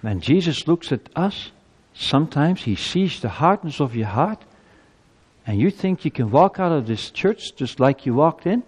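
Fairly high-pitched, husky and a little mellow, this male pastor delivers his sermon unhurriedly in a sing-song way. He grows more intense as he presses his points with earnest emphasis, and the church hall adds a long reverb.

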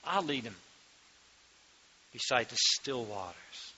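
Man, pastor, sermon, slow emphatic delivery, bright tense voice, dull lo-fi recording. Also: mid-range voice, very animated, slight background noise. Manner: slow, emphatic preaching that swells loud on key words. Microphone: microphone. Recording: dull lo-fi sound.

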